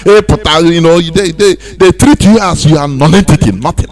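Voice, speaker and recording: A Nigerian man giving animated radio commentary, laughing often and slipping into Pidgin. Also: a little high, moderate pace, hardly any pauses. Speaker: radio presenter.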